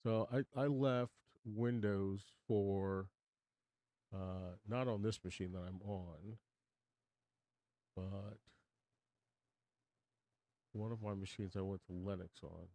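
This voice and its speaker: An older man in his sixties talks to his livestream viewers from a home studio. His voice sits low and sounds mellow and relaxed, with a dry, close sound and no room echo. He rambles and wanders off track, pokes fun at himself, and restarts his sentences often. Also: slow pace, long pauses. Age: 60s. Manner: rambling, chatty, self-deprecating, with many restarts. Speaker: livestream host. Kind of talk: casual livestream chat with viewers.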